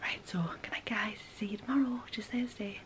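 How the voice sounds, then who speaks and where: Geordie mum, whispered late-night vlog in a bedroom, hushed and low, faint hiss. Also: female voice, fairly quick. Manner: hushed whisper so as not to wake child.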